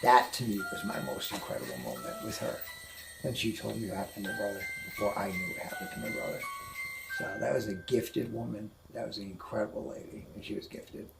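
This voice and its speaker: A man, a guest on the show, telling an emotional personal story indoors, halting and repeating himself when upset. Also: on the low side, expressive, creaky, over loud music, rough recording. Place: indoors at a house museum.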